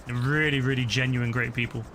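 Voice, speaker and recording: A man's voice: medium pitch, steady tone, normal speed, background noise. A man chatting casually while streaming a game, rambling along and swearing freely. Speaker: gaming streamer. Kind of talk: casual chat while gaming.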